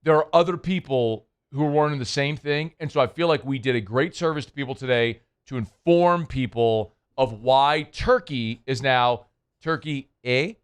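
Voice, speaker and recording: A man's voice: medium pitch, moderate pace, smooth. A man hosting a sports radio show, chatting casually in a rambling, playful, self-deprecating way. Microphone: studio microphone.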